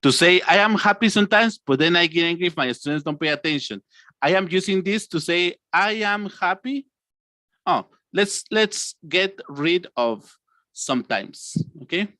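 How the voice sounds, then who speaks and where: A man, teaching an online English lesson, acting out emotions and stretching words slowly. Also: high voice, bright, forceful tone, no echo.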